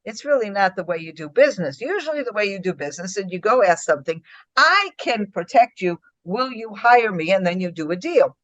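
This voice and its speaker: A woman's voice: mid-range voice, a little fast, no room sound. A woman teaches a Bible study, talking through the story with plenty of fillers and restarts. Her voice rises and falls widely as she acts out what each person says. The sound is dry and a little muffled. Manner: animated, acts out quoted speech, many fillers and restarts.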